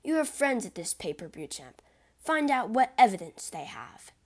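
A woman voicing an angry young nobleman who speaks loudly and indignantly. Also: on the high side, sing-song, moderate pace, husky. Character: hot-headed young nobleman defending his father.

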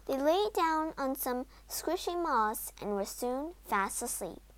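Woman reading a kids story out loud, high lively voice, slow and dramatic. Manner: animated, dramatic. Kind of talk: expressive storybook read-aloud.

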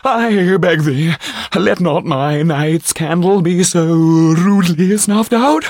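A pompous pleading stage actor. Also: male voice, sits high, slow pace, a little mellow, no room sound, clean studio sound, voice pushed up, exaggerated voice. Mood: pleading theatrically. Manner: grandiloquent, old-fashioned stage diction. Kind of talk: audiobook character voice.

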